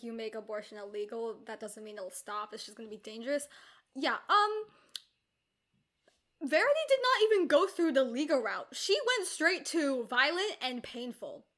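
A young woman in casual chat, chatty and opinionated with quick asides. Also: a little high, big pitch swings, a bit bright.

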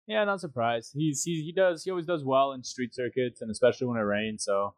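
A man's voice: mid-range voice, a little fast, no room sound. Chatty man co-hosting a podcast. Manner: rambling, jokey, doing silly voices. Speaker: podcast co-host. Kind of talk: casual chat.

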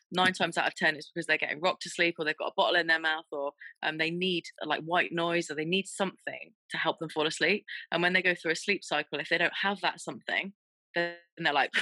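A woman's voice: sits low, bright, forceful tone, dry recording, poor audio. A woman in her thirties, a fitness presenter guesting on a podcast, telling stories candidly with frequent laughter. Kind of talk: casual chat.

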